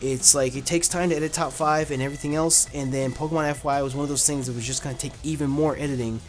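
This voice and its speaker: Laid-back YouTuber guy, slightly high voice. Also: steady tone, fast, faint music behind. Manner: laid-back and blunt, many "um"s and "bro"s. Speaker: gaming YouTuber answering viewer questions. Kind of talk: casual Q&A chat.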